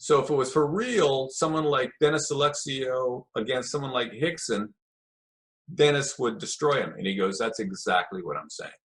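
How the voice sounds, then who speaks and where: An older man appears as a podcast guest in a casual interview, spinning long, rambling anecdotes and acting out what other people said. His voice is mid-range and his pace moderate.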